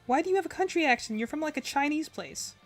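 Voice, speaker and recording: A woman's voice: high voice, expressive, fast, soft background music. A woman streaming as she reacts to game trailers, talking casually and rambling, with lots of fillers and self-corrections. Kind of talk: casual live-stream commentary.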